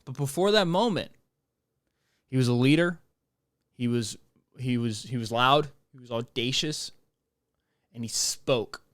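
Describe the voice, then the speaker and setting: A man's voice: mid-range voice, measured pace, pauses often, fairly bright tone, no echo, clean studio sound. A young man hosting a podcast in a casual, rambling monologue, joking and restarting his sentences. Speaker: podcast host.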